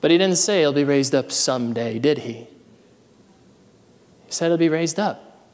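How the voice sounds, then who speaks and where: A man's voice: a little high, animated, normal speed, darkish tone, in a large hall. A man preaching a sermon as pastor, reading scripture and then calling out to his congregation with building energy. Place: church sanctuary.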